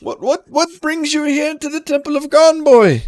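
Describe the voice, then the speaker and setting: A man's voice: extremely high pitch, normal speed, dry recording. A man voicing a forgetful, jittery old woman who keeps a temple, stammering and repeating herself. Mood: doddering.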